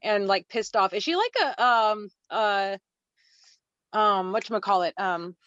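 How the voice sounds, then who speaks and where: A woman guest in a casual podcast chat, relaxed and attentive, who laughs softly, heard over a video call. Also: mid-range voice, a little slow, no room sound, highs cut off.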